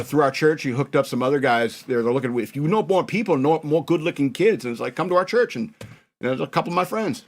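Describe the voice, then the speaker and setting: A man in his forties, hosting a podcast and recalling his youth in a rambling, self-mocking way. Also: on the high side. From northern New York. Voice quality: rambling, laughing at himself. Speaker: podcast host. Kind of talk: casual reminiscing chat.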